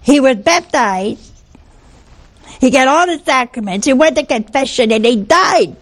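A woman voicing an indignant, resentful widow, with a slow, creaky voice. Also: fairly high pitch, big pitch swings, exaggerated voice.

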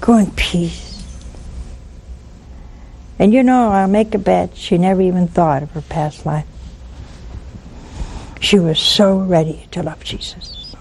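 A woman's voice: fairly low pitch, measured pace, long pauses, slight background noise. An older woman giving spoken religious teaching on a call-in show, acting out little dialogues as she talks. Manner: lively, acts out little dialogues. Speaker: nun hosting a call-in show.

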